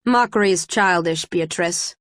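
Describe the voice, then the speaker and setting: A woman reading the part of a cold, calculating woman leader who speaks in a flat, factual way, in a dry recording. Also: lowish voice, moderate pace, dry recording, natural voice. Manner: flat, factual, clipped delivery.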